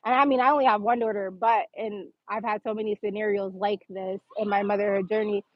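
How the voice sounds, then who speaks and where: A woman's voice: mid-range voice, steady tone, a little fast, dry recording, lo-fi sound. A woman hosting a livestream, telling a personal story in a casual, chatty way with lots of "like" fillers. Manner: chatty, filler-heavy with frequent "like". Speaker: livestream host.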